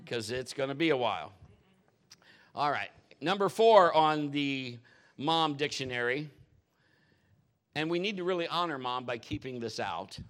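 A middle-aged man preaching a humorous sermon in a church, animated and jokey, laughing often and swinging between loud and soft. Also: medium pitch. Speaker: pastor.

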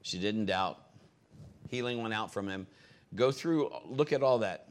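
A man pastoring a congregation in a relaxed, conversational way, explaining what everyone will do next. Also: fairly low pitch, measured pace. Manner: relaxed, conversational, giving instructions. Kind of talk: sermon, leading the congregation.

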